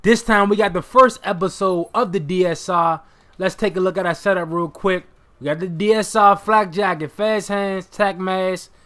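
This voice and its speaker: Excitable young man, gaming commentary. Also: high voice. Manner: excitable, swears, bursts into shouts. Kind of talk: live gameplay commentary.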